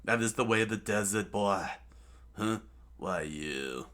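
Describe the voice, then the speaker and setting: A smug desert villain from a comic who sneers and dismisses his foe, as a man puts him on. He speaks deep and slow, with cold scorn. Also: expressive, fairly bright tone. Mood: gloating.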